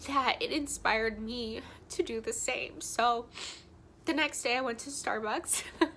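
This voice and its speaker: A young woman, a vlogger, speaks in a bright, slightly high voice, tearful and earnest as she tells her story. She keeps filling pauses with ums and likes. Faint noise hums behind her. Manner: emotional, tearful, heartfelt, with frequent ums and likes. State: crying. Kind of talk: personal vlog storytelling.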